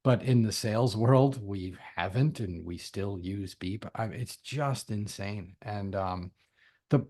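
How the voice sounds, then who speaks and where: A man, a guest on a podcast, talking in a blunt, opinionated and energetic way. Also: mid-range voice. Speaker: podcast guest, sales consultant. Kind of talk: conversational interview.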